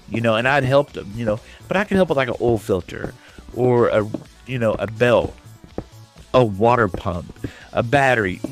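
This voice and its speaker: A Texan man with a pitch that sits right in the middle for a man, talking loosely and rambling through stories as he plays. He chats straight to his viewers in an easygoing way, with faint music underneath. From West Texas. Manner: rambling storyteller, chatting with viewers. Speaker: streamer. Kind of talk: casual chat while gaming.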